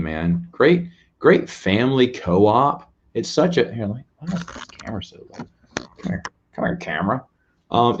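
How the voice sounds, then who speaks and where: A fairly low-voiced man chats casually on a late-night stream, rambling and poking fun at himself. His voice comes through a dull, lo-fi recording. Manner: rambling, self-deprecating, laughs often. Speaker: host answering viewers' questions.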